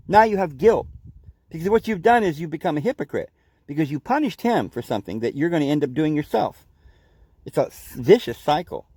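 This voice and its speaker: A man hosting a podcast, giving an earnest, preachy spiritual talk, often halting and repeating words. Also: a little high, a little mellow, no echo. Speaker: podcast host. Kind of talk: spiritual teaching monologue.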